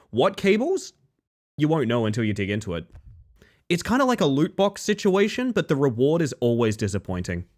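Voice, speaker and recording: Lively, wry male streamer. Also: mid-range voice. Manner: dry, self-mocking, talks to chat. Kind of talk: casual live-stream gameplay chat.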